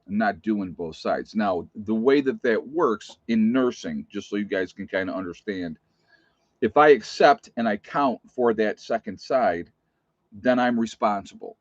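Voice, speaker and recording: Low-pitched man, blunt working nurse, casual vlog; dry, dull-sounding recording. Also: measured pace, no echo. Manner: blunt, plainspoken, emphatic.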